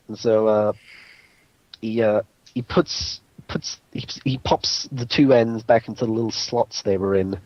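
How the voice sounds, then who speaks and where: A man's voice: on the low side, measured pace, darkish tone, dry recording. A young man casually telling a story to friends, laid-back and swearing freely. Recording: dull lo-fi recording.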